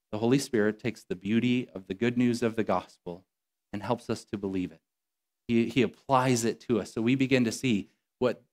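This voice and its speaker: A male pastor gives a sermon in an earnest, conversational way. His voice sits at an ordinary middle pitch. He often restarts a phrase as he talks, and he eases into a slower, softer delivery whenever he quotes scripture.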